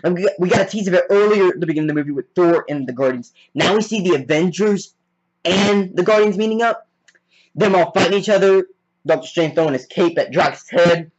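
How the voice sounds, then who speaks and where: A man excitedly recapping a film scene by scene in a casual, rambling way, full of "like". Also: high voice, a little fast, lo-fi sound. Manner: rambling, heavy on "like" fillers; excitable fan. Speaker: movie reviewer.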